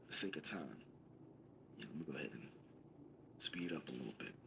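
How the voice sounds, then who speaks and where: A man's voice: very deep voice, lively intonation, fast, gravelly, background noise. A man leading a scripture class, emphatic and commanding, calling on a student to read. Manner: emphatic, commanding, call-and-response. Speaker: Bible class teacher.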